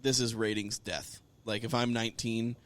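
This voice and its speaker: Man, middle-aged, podcast co-host, casual wrestling chat, profane, animated, mid-pitched voice. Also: moderate pace.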